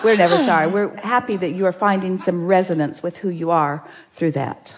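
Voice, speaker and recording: Measured woman speaking as "we". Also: lowish voice. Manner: speaks as a collective "we", measured and emphatic. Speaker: seminar speaker answering audience questions. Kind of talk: live seminar question-and-answer.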